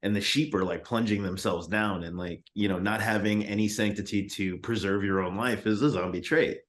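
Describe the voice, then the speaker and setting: A man's voice: fairly low pitch, steady tone, normal speed. A man co-hosting a casual film review chat, enthusiastic and slangy, calling people "man" and "dude" a lot. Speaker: podcast co-host.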